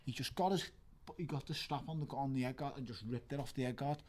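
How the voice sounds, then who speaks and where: A man, telling animated stories in a podcast interview, laughing and shouting out quoted lines. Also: mid-range voice, fast talker. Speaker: guest boxer. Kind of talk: podcast storytelling.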